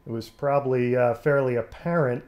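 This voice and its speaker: A man's voice: medium pitch, fairly even intonation, normal speed, lo-fi sound. A man hosting his own live stream from home, rambling casually with lots of fillers, his voice a bit scratchy and nasal from allergies. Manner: rambling, self-deprecating, many fillers. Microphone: desk mic.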